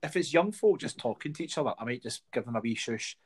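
Scottish man, casual chat, animated storyteller, slightly husky voice, mid-range pitch. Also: fast. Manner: animated storyteller, acts out other people's voices.

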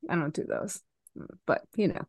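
A woman's voice: low-pitched, wildly swooping pitch, moderate pace, creaky, breathy edge, dry recording, studio quality. A middle-aged woman co-hosting a podcast, chatting animatedly about a film and often trailing off and restarting. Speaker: podcast co-host. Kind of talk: casual chat reviewing a film.

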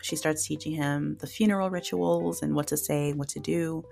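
A woman's voice: deep voice, fairly even intonation, measured pace, creaky, darkish tone, soft background music. A woman hosting a podcast, casually and emotionally retelling drama episodes with lots of fillers. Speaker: podcast host reviewing dramas. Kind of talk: casual solo review.

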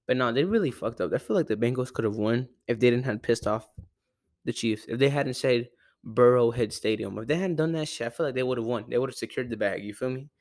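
A man's voice: medium pitch, fast talker, a little mellow, no echo, studio quality. A young man from Arizona rambling through a casual, profane sports rant at home, often correcting himself. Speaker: sports podcaster. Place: home room with a cat. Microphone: close desk mic.

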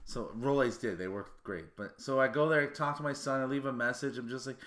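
A middle-aged man co-hosting a podcast, telling crude joking stories in casual chat, his voice jumping high when he gets excited. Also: fairly quick, few pauses. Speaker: podcast co-host.

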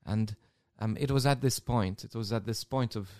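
A priest telling his own story in an interview, emotional and halting, often repeating words. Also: lowish voice, mellow, dry recording, clean studio sound. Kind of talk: personal testimony in an interview.

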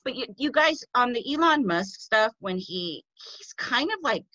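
A woman co-hosting a casual podcast, chatting quickly with many likes and restarts. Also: a little high, sing-song, pushed and bright, no room sound, muffled recording. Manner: quick, lots of fillers and restarts. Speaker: podcast co-host. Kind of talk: casual chat.

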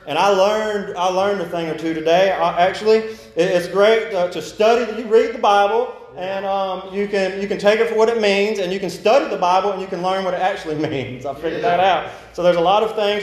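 Halting young preacher in an echoey church. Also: male voice, high-pitched, fairly even intonation. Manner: halting, many restarts and fillers; slow measured scripture reading. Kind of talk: sermon. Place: church sanctuary.

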